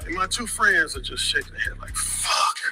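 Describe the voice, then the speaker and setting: A man telling a crude, animated personal story to an audience from a stage. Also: high-pitched, fast, loud music behind the voice, rough recording. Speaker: speaker.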